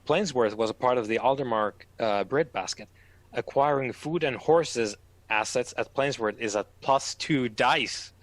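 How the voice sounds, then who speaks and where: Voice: medium pitch, a little slow, dry recording. A game master, casually explaining the game's rules and laughing often. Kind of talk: casual tabletop game chat.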